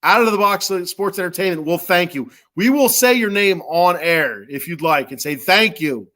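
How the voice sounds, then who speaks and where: A man's voice: high voice, expressive, moderate pace, bright, forceful tone. Rambling, jokey male podcast host. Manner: rambling, jokey, lots of fillers. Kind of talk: casual sponsor reads.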